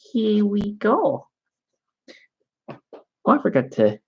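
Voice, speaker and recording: A man's voice: high voice, wildly swooping pitch, very slow, pauses often, breathy edge, muffled recording. A man chatting casually while painting miniatures, laid-back and joking, swearing now and then.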